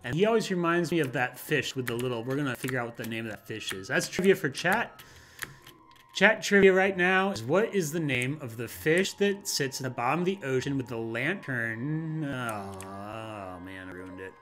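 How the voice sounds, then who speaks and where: A man's voice: medium pitch, moderate pace. A man streaming a game and chatting casually from his home studio. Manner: chatty, animated. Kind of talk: casual chat while playing.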